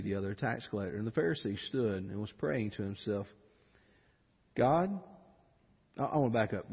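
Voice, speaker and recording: A man's voice: fairly low pitch, slightly rough, big-room sound, highs cut off. A man preaching an emotional evening sermon, often repeating words as he builds. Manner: animated, emotional, repeats words when stirred. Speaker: pastor. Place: church sanctuary.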